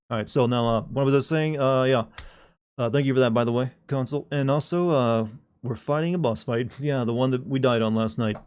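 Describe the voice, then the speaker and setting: A man's voice: mid-range voice, a little fast, a little mellow, smooth. Rambling joking male streamer. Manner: joking, rambling, talks to chat. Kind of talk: casual live-stream chat.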